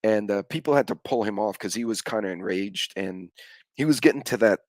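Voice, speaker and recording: A man's voice: fairly low pitch, fairly quick, dry recording. A middle-aged man, hosting a casual live stream chat and telling rambling stories with offhand swearing.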